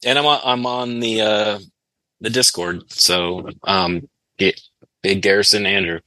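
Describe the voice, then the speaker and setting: Bright-voiced, easygoing male podcast guest. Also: fairly low pitch, fairly even intonation, no echo. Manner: halting, restarts often, easygoing. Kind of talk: casual podcast chat.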